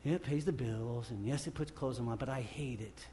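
A male pastor preaching a sermon off the cuff, swinging from loud emphatic bursts to quiet low passages and often restarting his phrases. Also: brisk, a little hiss or hum. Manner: repeats and restarts phrases while speaking off the cuff.

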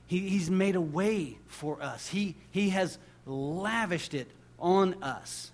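A male pastor preaching a sermon, reading scripture and swinging between loud emphatic peaks and hushed, intimate asides. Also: high-pitched, animated. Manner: reads scripture aloud with deliberate slowing on key words.

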